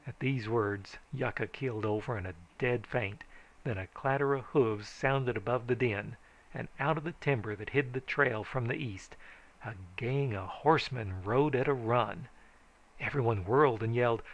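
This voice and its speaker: A man reading a frontier tall tale aloud as an audiobook, in a folksy first-person telling that rises to shouts for the characters. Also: medium pitch, normal speed. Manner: folksy first-person storytelling, raising his voice for shouted lines. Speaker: audiobook narrator.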